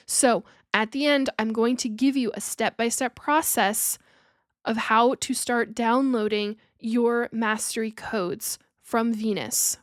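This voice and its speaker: Woman with a high voice teaching spiritual ideas. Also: no echo, clean studio sound. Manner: earnest, playful asides with laughs. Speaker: podcast host.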